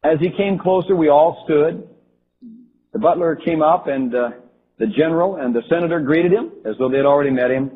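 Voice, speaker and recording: Husky man recounting a vision over a tinny line. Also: fairly high pitch. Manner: halting, with frequent restarts and fillers. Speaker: storyteller recounting a religious vision. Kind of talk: first-person account of a vision. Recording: tinny phone-like lo-fi recording.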